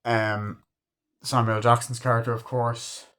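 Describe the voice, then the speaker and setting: A man's voice: mid-range voice, level tone, measured pace, a bit bright. Male movie reviewer, casual and rambling, heavy swearing, mid-range voice. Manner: rambling, swears freely, retells scenes. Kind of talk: casual spoken film review.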